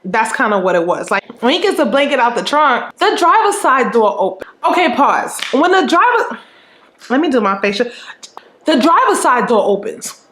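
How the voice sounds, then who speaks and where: A woman with a high-pitched voice tells a story straight to her viewers in loose, casual chat. She is animated and profane, and she acts out scenes in quoted remarks. Her voice carries a roomy echo. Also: moderate pace. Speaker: vlogger telling a story.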